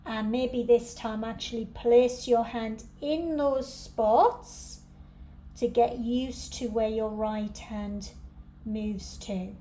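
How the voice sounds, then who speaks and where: Patient female piano teacher, unhurried delivery, light room noise behind. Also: on the high side, fairly even intonation, mellow. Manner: patient, step-by-step explaining. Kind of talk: home practice instructions.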